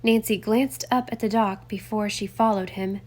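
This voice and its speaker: Woman narrating a story evenly. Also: mid-range voice. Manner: even, measured storytelling. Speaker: audiobook narrator. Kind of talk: scripted narration.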